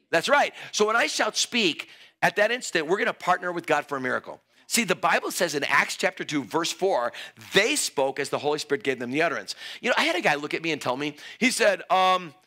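Hyped up preacher guy, high bright voice jumping all over, jokey and excitable. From Greek heritage. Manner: excitable, playful, exclaiming. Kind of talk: energetic altar-call sermon. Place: church sanctuary.

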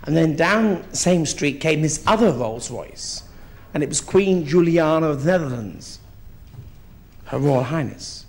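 A man, performing live on a theatre stage as a grand but foul-mouthed elderly queen mother. He tells his stories in a mock-genteel way and lands them with crude punchlines. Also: fairly high pitch. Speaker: drag comedian. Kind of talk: live stand-up drag act.

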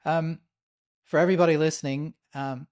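A man's voice: fairly high pitch, steady tone, normal speed, darkish tone. A man hosting a podcast, greeting and introducing his guest in a friendly, hesitant way with many fillers. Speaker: podcast host. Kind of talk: casual interview chat.

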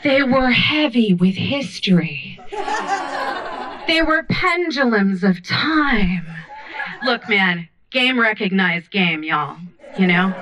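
A woman's voice: medium pitch, slow, highs cut off, a crowd in the background. A woman performing a stand-up comedy set on a club stage, telling stories animatedly into a handheld mic. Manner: animated storytelling with many voices.

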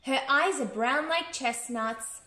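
An Australian woman reading a bedtime story to children in an expressive, sing-song way. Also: sits high, takes it slowly. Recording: echoey room.

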